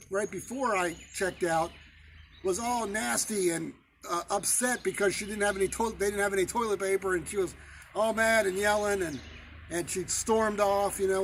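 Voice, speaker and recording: A male pastor telling a personal story in a sermon, conversational and halting, with many fillers and restarts. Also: high-pitched, fairly bright tone, a little hiss or hum.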